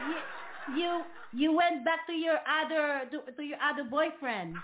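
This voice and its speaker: A woman plays a Jesus who accuses, scolds and then forgives, all with teasing repetition. The voice is high and unhurried. It comes through a thin, phone-like line with hiss behind it. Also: crowd noise. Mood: accusing. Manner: teasing, repeats herself, laughs often. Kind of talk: unscripted comedy role-play. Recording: tinny phone-like line with noise.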